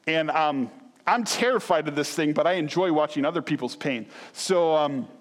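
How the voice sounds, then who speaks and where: A man preaching in a church sanctuary, his voice sitting a little high for a man. He tells the story with lively, animated asides and bursts of acted-out excitement. A long reverb trails every phrase. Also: moderate pace. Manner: animated storytelling, acts out scenes with sudden loud outbursts. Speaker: pastor. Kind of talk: sermon.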